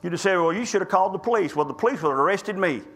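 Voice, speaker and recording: Man, preacher, very high voice, folksy sermon, stammering restarts. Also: lively intonation, very fast, fairly bright tone. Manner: folksy storytelling with repeated restarts.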